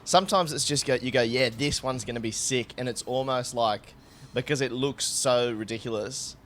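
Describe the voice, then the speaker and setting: A man's voice: medium pitch, moderate pace, a bit bright, slight background noise. Swearing Australian man, comedy podcast co-host. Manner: swearing, laughing, plugging shows. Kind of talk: casual comedy podcast banter.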